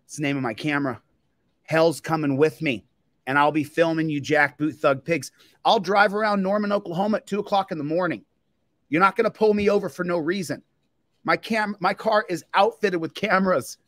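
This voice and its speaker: A man's voice: high-pitched, fairly quick, fairly bright tone, no echo. A man hosting a livestream, ranting angrily and repetitively at a police department, fired up and confrontational. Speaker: livestream host and police auditor. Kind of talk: angry livestream rant.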